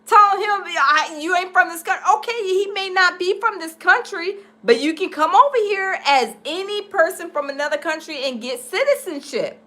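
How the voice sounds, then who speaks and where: High, bright-voiced woman reacting. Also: moderate pace, few pauses. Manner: animated, exclaiming, laughing often. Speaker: reaction streamer. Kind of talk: live reaction commentary.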